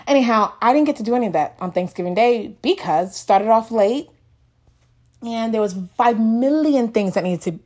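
A woman in her thirties from the United States, chatting to viewers in a casual storytelling vlog, animated and often laughing as she talks. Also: on the high side, normal speed. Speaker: vlogger.

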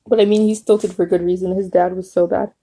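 In a relaxed vlog, a young woman reviews a TV season, gushing animatedly and quoting characters in her own unchanged voice. Her voice is warm and mellow, on the low side, slightly rough, and fairly quick.

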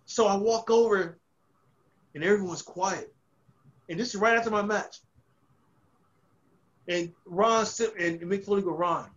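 Man, podcast guest, casual storytelling, swears a lot, rambling restarts, slightly high voice, muffled lo-fi sound. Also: measured pace, long pauses. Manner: profane, rambling with frequent restarts.

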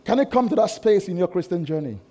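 A man preaching a sermon with passion, swinging between shouted lines and hushed, quiet ones. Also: high-pitched, lively intonation, fast talker. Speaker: pastor.

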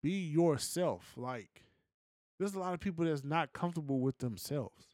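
A man co-hosting a podcast, giving his opinions in a relaxed, slangy, casual chat. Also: on the high side, normal speed, dry recording, clean studio sound. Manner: laid-back, opinionated, slangy. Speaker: podcast co-host.

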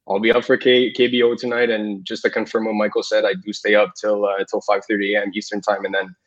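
Male podcast guest, low monotone voice, confident tips, muffled lo-fi sound. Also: fast talker. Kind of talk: casual podcast chat. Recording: dull lo-fi audio.

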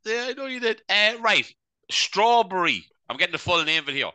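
A man's voice: sits high, big pitch swings, fairly quick, pushed and bright, clean tone, no echo. A man co-hosting a casual comedy podcast, rambling and tagging "right?" onto his sentences. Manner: rambling, peppers speech with "right?". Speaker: podcast co-host.

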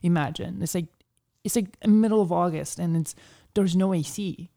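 A woman's voice: lowish voice, normal speed, vocal fry, warm tone. A woman talking as an interview guest, chatty and telling stories with plenty of "like". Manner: chatty storyteller, heavy use of "like". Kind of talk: casual interview conversation.

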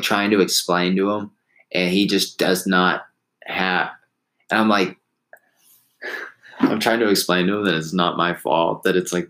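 A man's voice: low voice, fairly bright tone, poor audio. A man casually telling a long story, rambling with restarts and laughing at himself.

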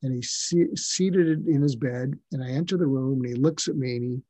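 An older man with a husky, mellow voice recounts stories from his work as a psychiatrist. He speaks reflectively, pausing and restarting his sentences. The recording is dry and a little dull. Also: medium pitch, no room sound. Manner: reflective, halting, with frequent restarts. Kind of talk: personal storytelling in a conversational interview.

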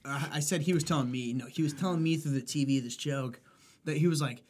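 A young man with a high, slightly husky voice co-hosts a casual podcast. He swears freely and rambles through crude stories, laughing as he goes. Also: quick pace. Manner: profane, laughing, rambling storyteller. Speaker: podcast co-host.

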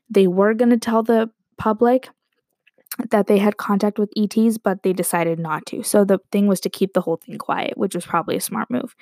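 A woman's voice: mid-range voice, dry recording. Young woman rambling thru a crazy story, laughs a lot, dry close sound. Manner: animated, rambling, breaks into quoted voices and laughs. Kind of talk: casual storytelling to viewers.

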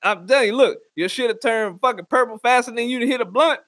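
High-voiced man on a profane comic rant. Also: a little fast, a bit bright, dry recording, studio quality. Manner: crude, blunt, giving mock advice to listeners. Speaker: comedic ranter.

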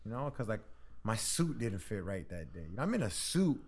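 A man who is a comedian, a guest on a podcast, telling animated stories with laughs and acted-out quotes. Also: fairly low pitch, fairly quick. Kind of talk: casual chat.

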